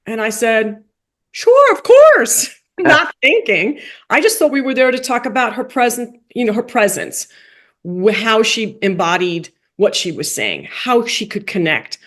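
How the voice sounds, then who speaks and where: Animated woman telling a story. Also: moderate pace. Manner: animated, acts out quoted dialogue with big pitch jumps; drops into soft, quiet asides. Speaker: guest, coach for rabbis and playwright. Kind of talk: storytelling in a podcast interview.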